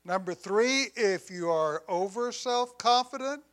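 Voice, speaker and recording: A man delivering a sermon in a high voice at an unhurried, deliberate pace. He swings from loud emphasis down to hushed, quiet lines and slips in humorous asides along the way. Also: animated. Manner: deliberate preaching with dramatic swings in volume, dropping to near quiet on key lines. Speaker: pastor.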